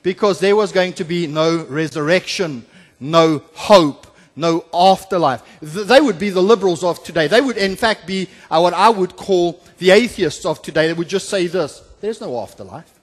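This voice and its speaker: In a sermon echoing through a church sanctuary with long reverb, a pastor with a high voice works his way through a Bible passage. His delivery is full of "uh" fillers and restarted sentences, shifting from forceful emphasis to soft, low asides.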